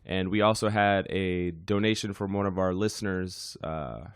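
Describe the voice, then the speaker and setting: A man hosting a podcast with a hoarse, worn-out voice, chatting casually with many fillers. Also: low voice, normal speed, no room sound, clean studio sound. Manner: rambling, frequent fillers. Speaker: podcast host.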